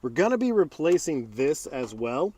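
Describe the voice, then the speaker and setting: A man's voice: fairly high pitch, sing-song, normal speed, warm tone, husky. A man hosting a home garage channel, talking through a truck repair in a casual, chatty way and drifting into side stories. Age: adult. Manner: chatty storyteller, drifts into tangents. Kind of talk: casual how-to narration.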